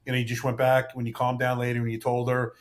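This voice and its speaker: A retired police officer in his fifties, appearing as a podcast guest, reflects frankly in casual chat and swears now and then. He talks fast in a monotone, medium-pitched voice.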